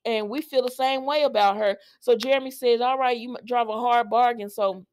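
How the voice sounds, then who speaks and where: A woman's voice: a little high, fairly quick, smooth. A woman in casual, chatty talk, recapping a soap opera episode for her viewers and reacting with laughs and asides. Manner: chatty and animated, laughing and talking to viewers as "y'all".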